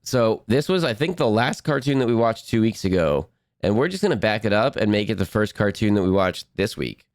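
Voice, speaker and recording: A man's voice: fairly low pitch, expressive, brisk, no room sound, studio quality. A man streaming, chatting casually and playfully to his viewers in a rambling way.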